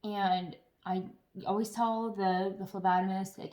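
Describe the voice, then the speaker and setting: A woman chatting casually to camera as a vlogger, telling stories in an animated way with some swearing. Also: medium pitch, measured pace.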